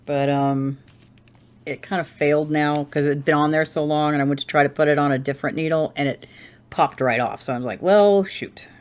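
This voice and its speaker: A woman's voice: deep voice, flat delivery, fairly quick. A woman hosting a crafting channel, chatting casually at home while she knits, rambling and correcting herself as she thinks aloud. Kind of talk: casual chat while knitting.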